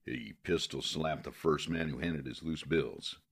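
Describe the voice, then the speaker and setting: Man, extremely deep voice, husky, gravelly, western audiobook narration. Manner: steady, measured storytelling.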